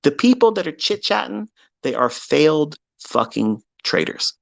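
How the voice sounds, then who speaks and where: A man hosting a live online audio chat, ranting heatedly and profanely, swinging between loud outbursts and low mutters. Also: sing-song, measured pace, gravelly. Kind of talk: heated unscripted rant. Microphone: online audio room.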